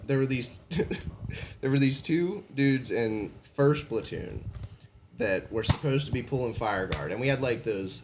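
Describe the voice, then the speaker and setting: Animated profane man telling army stories. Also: medium pitch, a little slow, noisy background. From United States. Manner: profane, laughs often while telling stories. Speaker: podcast co-host. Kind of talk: casual storytelling chat.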